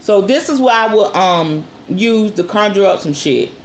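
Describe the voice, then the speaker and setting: A woman's voice: medium pitch, expressive, a little slow. A woman host talking casually to her viewers and calling them y'all as she shows off an object. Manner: chatty, addresses viewers as y'all. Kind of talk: casual show-and-tell talk to viewers. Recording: roomy with faint background noise.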